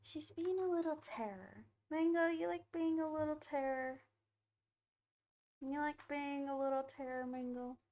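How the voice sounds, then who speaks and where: A young woman streaming a game, chatting easily and giggling while she talks to her pets. Her voice is high, and she speaks at a slow, unhurried pace. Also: a little mellow. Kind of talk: casual chat during a game stream.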